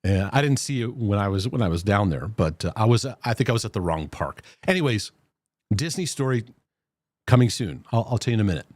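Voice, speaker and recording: A man's voice: lowish voice, sing-song, fairly quick, darkish tone, no room sound. A man hosting a Christian mental health livestream, chatting casually and reading out viewer comments, laughing easily between them. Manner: chatty, laughs easily, many fillers and restarts.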